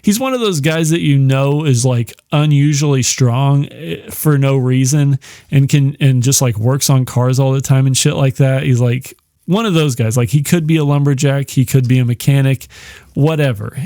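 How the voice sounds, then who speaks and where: A man with a mellow, darker voice talks through a film comparison in a loose, rambling way. He swears freely, chuckles often and leans on fillers. The sound is dry, with little room in it. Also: medium pitch, moderate pace, no echo. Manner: profane, laid-back, chuckling, with lots of fillers. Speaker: podcast host.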